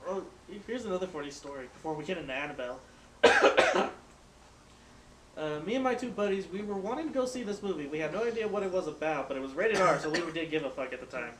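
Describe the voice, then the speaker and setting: A young man hosting a casual chat, telling animated stories with friends in a room. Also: a little high, fast talker. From Filipino. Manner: animated storyteller, acts out quoted people. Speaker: podcast host. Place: room with friends smoking hookah. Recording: echoey room with faint background noise.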